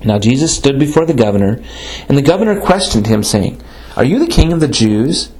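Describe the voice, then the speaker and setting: Scripture is read aloud by a man whose medium-pitched voice moves a little fast over poor audio. He keeps a steady, plain manner, occasionally tripping on a word before fixing it.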